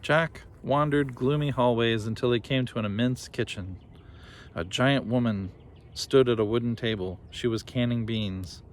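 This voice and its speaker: A man reading a children's story aloud with lively, expressive narration. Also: mid-range voice, moderate pace, a little hiss or hum. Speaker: reader.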